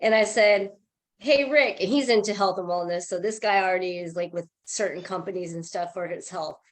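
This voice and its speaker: A woman telling a casual sales story on a group call, chatty and animated, acting out what people said. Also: fairly low pitch, a little fast. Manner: chatty, animated, acts out quoted dialogue. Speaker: team member sharing a sales story.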